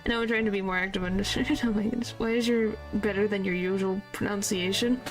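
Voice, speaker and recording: A woman streams a video game, chatting casually and playfully, trying out character voices and letting out mild exclamations. Her mid-range voice keeps a steady tone and she talks fast, with soft background music.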